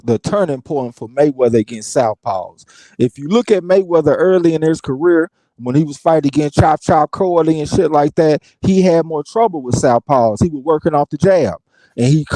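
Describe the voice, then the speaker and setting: A man's voice: fairly high pitch, mellow, no echo, rough recording. A man co-hosting a casual boxing talk stream, blunt and profane as he argues his opinions. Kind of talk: casual chat.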